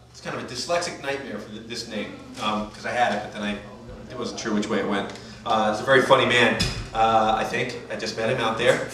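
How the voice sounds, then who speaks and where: A man hosting a comedy night, riffing and introducing comics, mimicking voices. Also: mid-range voice. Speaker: comedy show host. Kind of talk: stand-up banter and introductions. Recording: echoey club from far off, noisy.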